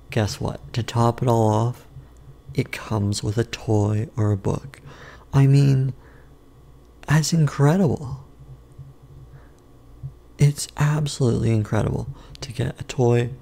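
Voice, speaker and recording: A man casually rambling through a food review and a story from his day, unhurried and often correcting himself. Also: medium pitch, gravelly, dark tone. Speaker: vlogger.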